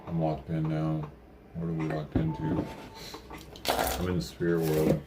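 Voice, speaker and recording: Deep-voiced man rambling on a live stream. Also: completely flat delivery, unhurried, heavy background noise. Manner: rambling, profane, talking to chat. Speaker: livestreamer. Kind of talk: casual live-stream chat. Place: at home by the front door.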